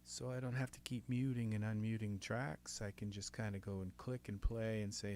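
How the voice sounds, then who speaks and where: A man's voice: fairly low pitch, steady tone, moderate pace, hardly any pauses, a little mellow, a little hiss or hum. A man with a Southern US accent, muttering to himself as he works through a music production tutorial and often trailing off mid-sentence. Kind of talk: thinking aloud while working in software.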